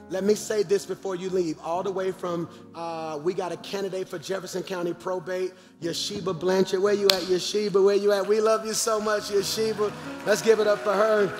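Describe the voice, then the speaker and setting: Male pastor, high-voiced and animated, live church reverb with faint music; calls out to the crowd. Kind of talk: church announcements from the pulpit. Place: large church auditorium.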